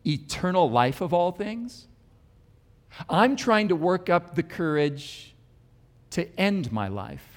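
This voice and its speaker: A bitter, despairing woman heckler, as a male preacher puts her on, firing off incredulous, scornful questions. The voice sits fairly high and rings out with a long reverb, as in a large hall.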